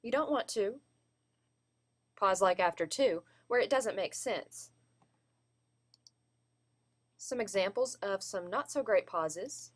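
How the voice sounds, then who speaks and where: A woman's voice: mid-range voice, expressive, slow, long pauses. A woman giving a class presentation on vocal delivery, explaining and demonstrating word emphasis. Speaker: student presenter.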